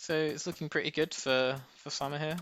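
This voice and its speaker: A man's voice: on the high side, fairly quick. A man giving casual, chatty live commentary on a strategy game match. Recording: steady background noise.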